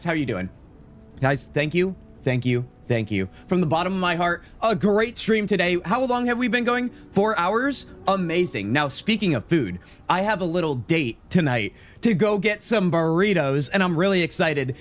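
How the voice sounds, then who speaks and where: A man with an American accent hosting a casual gaming livestream, animated and chatty with his viewers, a bit out of breath. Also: on the high side. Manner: animated, talks fast and chatty to viewers, says "dude" often. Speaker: livestream host. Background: faint game and tavern music.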